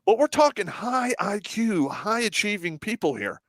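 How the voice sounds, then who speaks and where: A man's voice: high-pitched, sing-song, normal speed, no room sound. Laughing, profane storytelling man. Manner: profane, laughing, acts out quotes loudly. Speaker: show host and veteran. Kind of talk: casual storytelling on a live stream.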